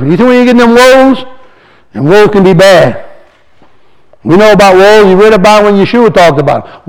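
A man giving an informal, earnest sermon to a congregation as a lay speaker, reading scripture slowly and putting questions to the listeners. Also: high voice, sing-song, low-quality recording. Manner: earnest and exhorting, reads verses slowly, asks the audience questions.

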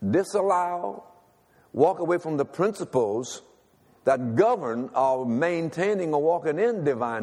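A man's voice: fairly high pitch, darkish tone. An older male preacher telling a personal story in a sermon, talking conversationally and asking the congregation to respond. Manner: conversational, calls for audience response. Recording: long reverb of a large hall.

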